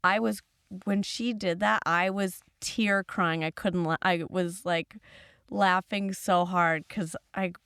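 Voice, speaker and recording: A woman hosting a podcast who tells quick anecdotes and giggles often. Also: lowish voice, fairly even intonation, a bit bright, smooth, no room sound, studio quality. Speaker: podcast host. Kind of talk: casual chat.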